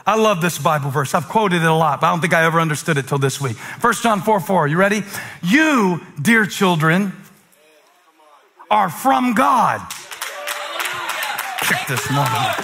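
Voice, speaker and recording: A man from South Carolina preaching a sermon as pastor, dropping to a hush then building to shouts with repeated rhetorical questions. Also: sits high, animated, measured pace, pauses often, a faint crowd. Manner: dramatic preaching, swings from hushed to shouting; rhetorical questions and call-and-response with congregation.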